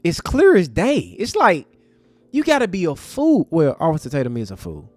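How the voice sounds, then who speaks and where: Male livestream host, high voice, impassioned and preachy, faint music bed. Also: wildly swooping pitch, normal speed, dry recording. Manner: impassioned, preachy, talks to chat as family. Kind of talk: livestream commentary.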